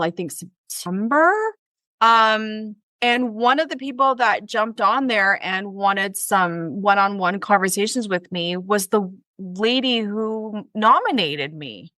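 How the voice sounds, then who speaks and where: A woman from Canada, a guest telling a story in casual conversation, with many fillers and lively retellings. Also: medium pitch, measured pace, no room sound. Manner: chatty, lots of fillers, animated retelling. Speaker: interview guest.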